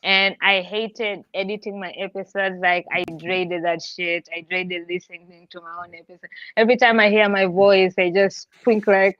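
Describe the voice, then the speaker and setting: A woman's voice: mid-range voice, normal speed, few pauses, dry recording. Woman w mixed accent on a podcast panel, blunt, swears a lot, dry slightly dull audio. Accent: mixed international accent. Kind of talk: casual panel chat.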